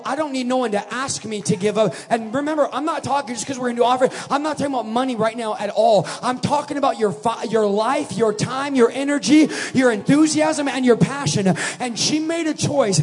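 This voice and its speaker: A man with a very high voice preaches a revival sermon, jumping from fervent shouting to hushed, chatty asides. His voice rings through a large hall with a long reverb tail, and soft music plays underneath. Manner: swings from shouting to quiet conversational asides. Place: church service.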